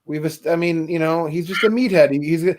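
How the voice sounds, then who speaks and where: A man co-hosting a fan podcast, speaking in a halting, joking way with many restarts. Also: a little high, darkish tone. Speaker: podcast co-host. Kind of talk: casual chat.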